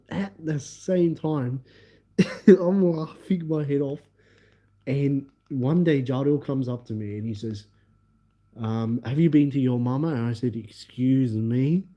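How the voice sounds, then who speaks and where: A man's voice: mid-range voice, dark tone, dull audio. A young man telling rambling stories on a casual live stream, laughing often and repeating the same filler words. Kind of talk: casual livestream storytelling.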